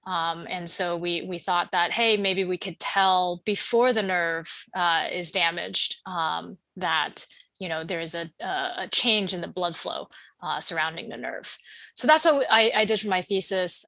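A woman's voice: lowish voice, measured pace, pushed and bright, no room sound. A woman in her thirties, a startup founder talking as a podcast guest in a casual, chatty way with many fillers and restarts. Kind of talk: casual interview conversation.

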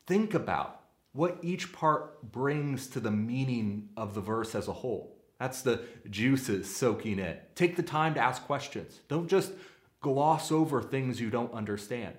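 A man's voice: mid-range voice, animated, a little slow, echoey room. A man giving earnest, practical sermon-style teaching, using everyday analogies.

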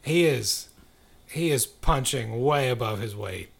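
A man's voice: medium pitch, expressive, slow, vocal fry. A man co-hosting a casual chat, joking and riffing on celebrity gossip.

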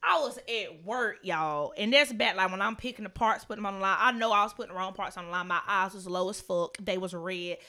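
A woman co-hosting a podcast, telling funny stories in an animated, profane way with lots of laughter. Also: mid-range voice, brisk, hardly any pauses. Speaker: podcast co-host. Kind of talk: casual podcast storytelling.

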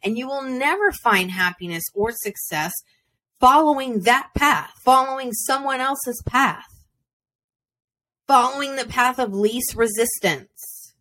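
A woman's voice: mid-range voice, a bit bright. A woman hosting her own podcast, giving a blunt, profane, fired-up motivational monologue, recorded at home without a soundproof room. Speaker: podcast host. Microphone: simple home recording setup.

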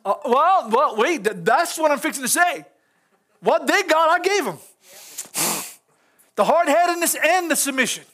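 A man's voice: very high-pitched, big pitch swings, measured pace, pauses often, pushed and bright. A middle-aged man, a pastor, preaching an informal sermon in church, folksy and chuckling as he talks straight to the congregation.

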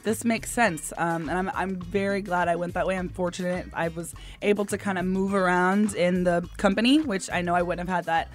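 Soft-spoken woman founder talking on radio. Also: fairly low pitch, a little fast, few pauses, soft background music. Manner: relaxed storyteller, soft-spoken, with many ums and asides. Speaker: guest, company founder. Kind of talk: casual radio interview.

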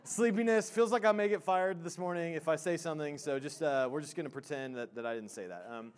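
A man's voice: on the high side, fairly quick. A man preaching a sermon as pastor in a church, casual and joking, with many fillers and restarts. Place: church sanctuary.

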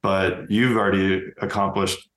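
A man's voice: sits low, level tone, unhurried, fairly bright tone, roomy sound. A man who is a scientist speaking casually on a panel discussion, hesitant, with fillers.

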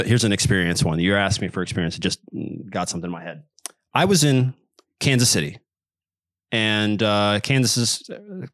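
A young man chatting on a podcast, telling a story in an animated way and laughing now and then. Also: fairly low pitch, no echo, clean studio sound. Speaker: podcast guest. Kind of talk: casual storytelling. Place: home room in Sweden.

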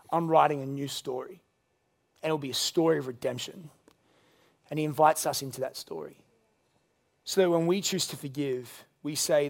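A man preaching a sermon, swinging between loud emphatic lines and hushed quiet ones. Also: a little high, vocal fry. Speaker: pastor.

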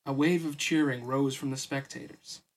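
A man's voice: medium pitch, steady tone, normal speed. A tired man reading a novel aloud for his podcast, with casual, weary asides. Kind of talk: audiobook-style story reading.

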